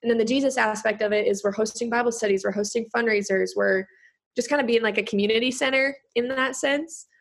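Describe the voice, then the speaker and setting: A woman's voice: a little high, quick pace, gravelly. A young woman in her late teens, a guest on a podcast, chatting in a bubbly way with many fillers. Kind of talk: casual interview chat.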